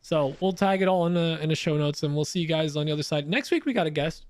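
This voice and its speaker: A man's voice: fairly high pitch, fast talker, crowd noise. A man co-hosting a woodworking podcast, teasing and laughing through casual banter. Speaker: podcast co-host.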